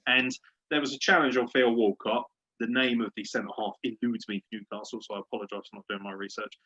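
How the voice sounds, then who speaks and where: A man's voice: lowish voice, steady tone, fast talker, sharp tone, husky, lo-fi sound. A man hosting a casual sports podcast, ranting in a fired-up, profane way. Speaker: podcast host.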